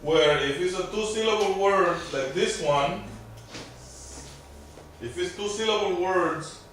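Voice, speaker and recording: A man's voice: sits high, slow, fairly bright tone, a little hiss or hum. A male language teacher running a classroom lesson, patiently quizzing his students one by one. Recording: echoey classroom from far off.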